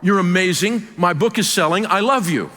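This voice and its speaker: Southern man playing a gushing excited friend. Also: high-pitched, moderate pace, long reverb tail, background noise, voice pushed up, natural voice.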